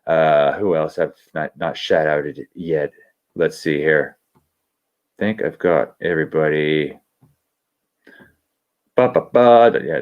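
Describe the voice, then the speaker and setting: Profane, excitable man ranting on a livestream. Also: low-pitched. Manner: swears constantly, excitable and rambling. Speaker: livestream host. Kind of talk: profane livestream rant and viewer shout-outs. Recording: dull lo-fi stream audio.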